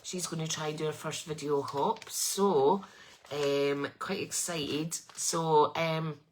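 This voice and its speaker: Woman, middle-aged, craft live stream host, stuffy nose, friendly rambling chat, unhurried pace. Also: sits low, fairly even intonation, darkish tone, a little hiss or hum, rough recording. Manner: friendly, rambling, greets viewers by name.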